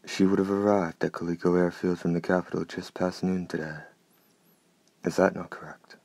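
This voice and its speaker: A gloomy, gorgeous-voiced night stalker speaks in a soft, courtly, menacing tone, voiced by a man. The voice is extremely deep and barely moves in pitch. It sounds close and dry, with no room around it. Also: little pitch movement, moderate pace, gravelly, dry recording. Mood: courtly menace. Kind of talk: audiobook character reading.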